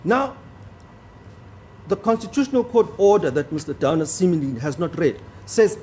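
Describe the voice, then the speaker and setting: A man's voice: sits high, sing-song, normal speed, darkish tone, slight background noise. A man arguing a legal point before a judge in a courtroom, formal and deferential to the bench, stressing key words. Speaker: advocate.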